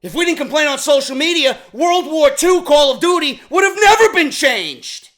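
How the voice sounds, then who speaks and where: A vlog host delivers a profane rant. His voice sits very high and sounds bright and edgy. He swings from shouted outbursts down to low, grumbling asides. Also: lively intonation, moderate pace. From New York. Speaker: YouTube show host. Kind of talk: ranting commentary vlog.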